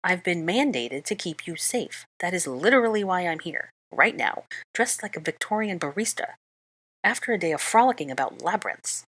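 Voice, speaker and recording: A woman's voice: fairly low pitch, big pitch swings, moderate pace, fairly bright tone, pitched above the performer's own voice, full character voice. Woman reading as a posh sardonic young wizard. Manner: drawling, dry and teasing.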